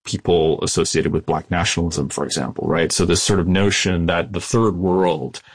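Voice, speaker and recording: Man, deep voice, interview answers, explanatory, dry mic. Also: steady tone, husky, no echo. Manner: measured, explanatory, with frequent restarts. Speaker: guest historian.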